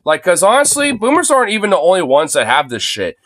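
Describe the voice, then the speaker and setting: A man's voice: high voice, huge pitch swings, fast talker, a bit bright, no room sound. A man in his late twenties livestreaming an angry, profane rant into a phone, packed with fillers like "you know" and "dude". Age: late 20s. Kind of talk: angry ranting monologue.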